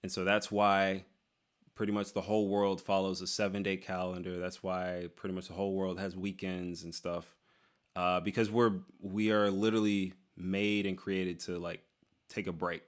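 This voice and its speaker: A man's voice: sits low, flat delivery, moderate pace, smooth. A young man casually answering viewer questions, joking around and trailing off into fillers like "dude" and "like". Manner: loose and joking, lots of "dude" and "like", trails off and restarts. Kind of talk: casual Q&A chat.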